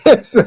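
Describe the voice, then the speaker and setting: A man telling loose, profane stories in casual chat, rambling with fillers and laughing often. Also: darkish tone. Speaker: podcast talker.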